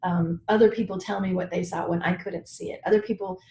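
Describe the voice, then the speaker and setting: A woman coach, a guest expert in an interview, telling her story in an animated way with laughs. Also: fairly low pitch, a little fast, roomy sound, a little hiss or hum. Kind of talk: conversational interview.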